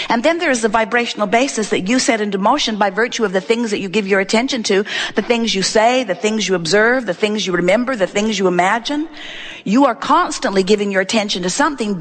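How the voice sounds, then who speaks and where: A woman giving an inspirational talk to a live audience, deliberate and emphatic, repeating phrases for effect. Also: fairly high pitch, in a large hall. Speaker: inspirational speaker.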